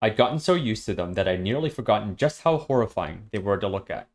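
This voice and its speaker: A man reading a web serial aloud on a stream, steady and matter-of-fact. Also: lowish voice, fast talker.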